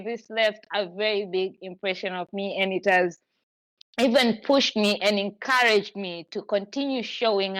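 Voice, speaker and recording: A woman's voice: medium pitch, fairly bright tone, no room sound, rough recording. A woman hosting a podcast, chatting effusively in long run-on stretches. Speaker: podcast host. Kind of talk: casual chat.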